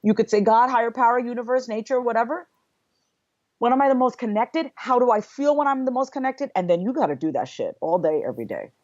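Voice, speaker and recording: A woman guest on a podcast talking candidly in an animated way, acting out her inner voices. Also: fairly high pitch, quick pace, no room sound, dull audio. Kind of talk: candid interview talk.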